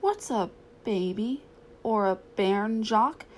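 A woman voicing a gentle young female dog from a storybook, soft and sorrowful. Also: mid-range voice, expressive, slow pace. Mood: sad, pleading.

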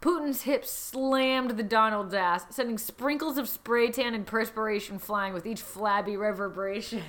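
A woman podcast host, doing a comedic reading with animated, jokey banter and casual swearing. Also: fairly high pitch, moderate pace, few pauses.

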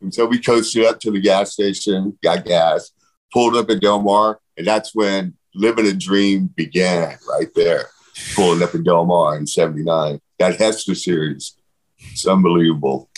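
Animated man telling a story. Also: deep voice, moderate pace, rough recording. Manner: animated, swears freely, acts out quotes. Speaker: guest. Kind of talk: casual storytelling interview.

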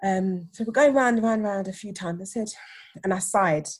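A woman, telling a personal story in a casual chat with lively, acted-out retellings. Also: mid-range voice, a little fast, slightly rough. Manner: animated, acts out others' lines. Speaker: podcast guest, teacher.

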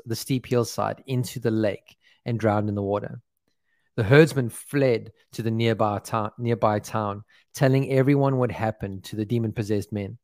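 A man leading a casual online devotional, praying and reading scripture, then reflecting in a relaxed, conversational way full of "um" and "like.". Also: medium pitch, dry recording. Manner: relaxed, conversational, many fillers like "um" and "like". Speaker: devotional leader.

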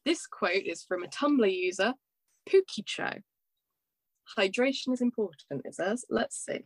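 A woman's voice: medium pitch, a little slow, a bit bright, no echo. A young woman co-hosting a podcast, reading quotes aloud with giggles and stumbles in casual chat.

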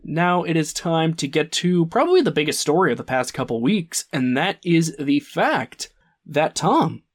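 A man's voice: a little high, animated, normal speed. A young man co-hosting a casual sports podcast, joking and laughing at his own lines. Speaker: podcast co-host.

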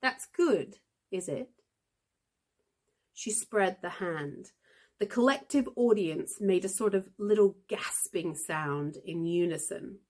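A woman podcast host reading a fantasy novel aloud for English learners, in an expressive storytelling manner. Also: fairly low pitch, unhurried.

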